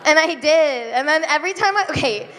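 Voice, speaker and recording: A young woman performing a stand-up comedy set, giggly and self-deprecating, with drawn-out deadpan asides. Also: sits high. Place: comedy club stage before a live audience. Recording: live club recording with reverb, faint room noise.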